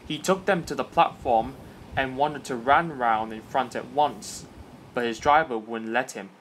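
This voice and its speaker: A man's voice: mid-range voice, measured pace, a bit bright, a little hiss or hum, low-quality recording. A man reading a children's railway story aloud as the narrator.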